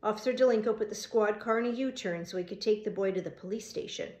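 A woman reading a novel aloud as an audiobook narrator, steady and even, fixing small slips as she goes. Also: medium pitch, fast. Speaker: audiobook reader. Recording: roomy echo.

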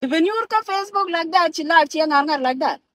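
A woman's voice: very high voice, a little fast, fairly bright tone, no echo, low-quality recording. A South Sudanese woman in a car, ranting and swearing into her phone camera, switching between languages. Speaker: vlogger. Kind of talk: profane ranting vlog.

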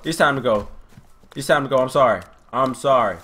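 A young man giving profane gameplay commentary, muttering to himself and then yelling taunts and curses at attackers. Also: medium pitch, expressive, fast, heavy background noise. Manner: swearing, yelling taunts at enemies, swinging between mutters and shouts. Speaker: let's play gamer.

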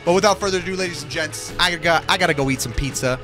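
A young man giving jokey, excitable commentary over his own video game play, reacting fast to what happens on screen. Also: fairly high pitch. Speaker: gaming YouTuber. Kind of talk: Minecraft gameplay commentary. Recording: faint music behind the voice.

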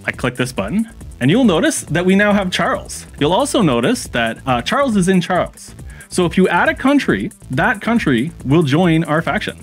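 Lively, chatty man streaming a strategy game. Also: high voice, normal speed, husky, soft background music. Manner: chatty, reacts to chat, frequent fillers and restarts. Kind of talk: casual gameplay commentary.

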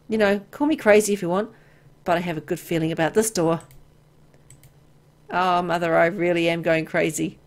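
A young woman reading a visual novel aloud, playing its heroine in a hushed, eerie way and jumping up loudly when startled. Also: fairly low pitch. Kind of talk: dramatic horror story reading.

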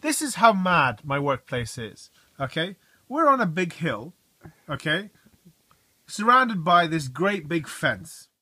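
A man casually vlogging at home, telling rambling stories in a wry, often quiet way. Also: a little high, very animated, takes it slowly, a little hiss or hum. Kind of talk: casual diet vlog.

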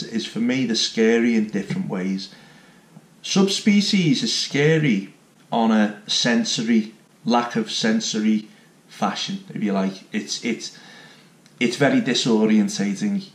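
An enthusiastic man, chatting casually as he reviews a theme park. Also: fairly low pitch. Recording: roomy echo.

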